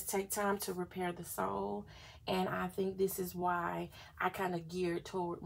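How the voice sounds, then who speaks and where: A woman's voice: lowish voice, gravelly, a little hiss or hum. A woman vlogger chatting casually through a planner flip-through, gushing and often saying y'all.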